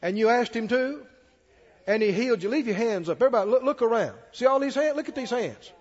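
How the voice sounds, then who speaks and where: A preacher man with a high voice delivers a sermon, reading scripture aloud with rising emphasis and pressing his congregation with questions. The sound has a long church reverb and a muffled, lo-fi tone. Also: animated, fast.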